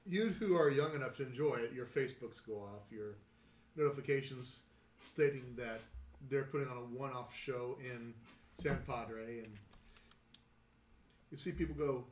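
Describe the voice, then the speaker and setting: A man's voice: mid-range voice, normal speed, pauses often, slight background noise. A man narrating as game master of a tabletop role-playing game, telling the story unhurriedly with frequent fillers. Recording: roomy echo.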